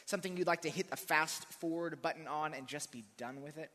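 A man's voice: fairly high pitch, a little fast, pushed and bright. Man preaching in a reverberant hall. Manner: conversational storytelling, dry humor. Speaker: pastor. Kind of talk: sermon with personal story. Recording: long reverb of a large hall.

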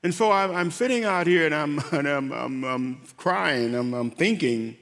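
A man giving an emotional faith testimony as an interview guest, speaking haltingly and repeating words as he goes. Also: a little high, animated, a bit bright, in a large hall. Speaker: guest, former pro football player.

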